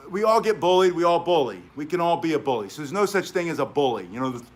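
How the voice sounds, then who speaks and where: A man's voice: a little high, lively intonation, fast. A middle-aged man teaching self-defense, talking casually with chatty asides and frequent "right?" tags. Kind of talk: casual instructional talk.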